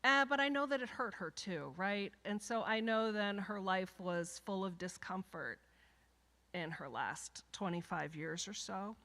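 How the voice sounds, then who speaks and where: An older woman, a retired minister, giving a conversational, gently humorous eulogy at a memorial service in a church. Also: medium pitch, measured pace. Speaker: minister emerita. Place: church sanctuary.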